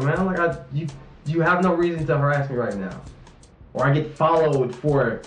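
Passionate young man in a roomy space. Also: medium pitch. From Raleigh, North Carolina. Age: 20s. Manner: passionate, emphatic, frustrated. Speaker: interviewee, student activist. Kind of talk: candid personal interview.

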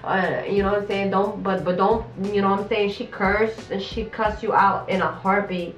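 A woman comedian hosting a radio show, chatting loudly in slangy, rambling speech full of tag questions. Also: medium pitch, steady tone, moderate pace, roomy sound, far from the mic, faint music behind. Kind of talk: casual comedy interview chat.

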